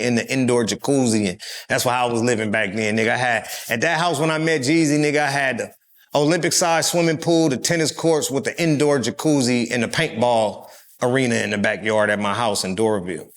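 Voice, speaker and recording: A man from California, telling stories as an interview guest, profane and animated, acting out other people's voices. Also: mid-range voice. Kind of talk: casual storytelling.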